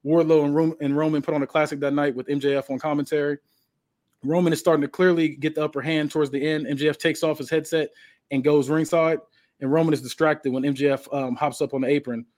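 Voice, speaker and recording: Casual male narrator, slightly high voice, loose recap delivery. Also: a little mellow. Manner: casual, with restarts and fillers. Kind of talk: casual storytelling.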